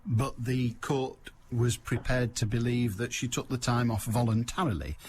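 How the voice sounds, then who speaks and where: A man's voice: medium pitch, normal speed, a little mellow, a little hiss or hum. A man hosting a radio phone-in, blunt and wry, pushing callers along. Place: radio studio.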